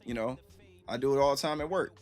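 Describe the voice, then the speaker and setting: A man's voice: medium pitch, quick pace, darkish tone, faint music behind. A man streaming from home in a casual, reflective chat, often saying "you know what I'm saying" and answering his chat.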